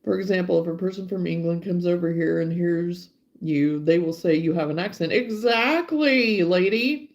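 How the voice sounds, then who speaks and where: A woman's voice: lowish voice, little pitch movement, fairly quick, hardly any pauses, dark tone. A woman with an Arkansas accent hosting a casual livestream, chatting and laughing as she answers viewers by name. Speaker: livestream host.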